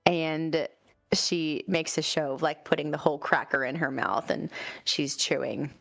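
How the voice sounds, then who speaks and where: A woman describes her character's actions at a tabletop game, slow and halting, with plenty of fillers. Her voice sits a little low. The recording is dry, with faint music beneath. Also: steady tone, creaky, a bit bright, no echo. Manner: halting, lots of fillers, giggly. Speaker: player. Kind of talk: tabletop role-play, narrating her character.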